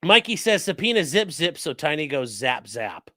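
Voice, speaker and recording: A man's voice: fairly high pitch, big pitch swings, moderate pace, sharp tone, no room sound, studio quality. A man giving casual live-stream legal commentary, reading chat messages aloud and swearing bluntly. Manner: profane and blunt, swearing freely; breaks off to coax his dogs in a sing-song voice.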